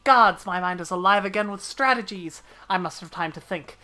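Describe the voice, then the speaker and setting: A woman's voice: mid-range voice, moderate pace, pushed and bright, natural voice. A woman voicing a prim, scholarly female mage from a game, read in a formal, mock-British manner. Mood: earnest. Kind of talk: reading game dialogue aloud in a voice.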